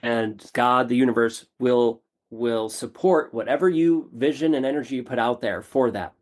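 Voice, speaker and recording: A man, a podcast guest, telling a personal story in a casual interview, animated and self-deprecating, repeating phrases for emphasis. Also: mid-range voice, moderate pace.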